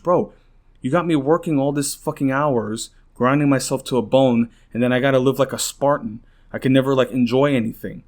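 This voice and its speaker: A man's voice: medium pitch, fairly even intonation, fairly quick, a little mellow. A young man hosting a podcast, venting in a rambling, frustrated rant full of swearing and restarts, worn out and close to tears. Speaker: podcast host.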